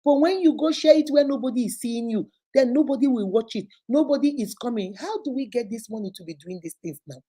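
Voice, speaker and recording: A woman's voice: fairly high pitch, fairly quick, hardly any pauses, husky. A woman with a Nigerian accent hosting a vlog, chatting casually and animatedly to her viewers. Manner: animated, preachy. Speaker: vlogger host.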